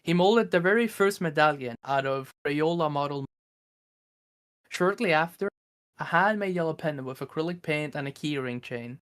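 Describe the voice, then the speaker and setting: A Swedish-accented guest on a livestream rambles through internet lore, laughing and swearing casually while the mic cuts in and out. The voice is medium-pitched and a bit bright, with lively intonation and a moderate pace, and the sound is clean studio quality with no echo.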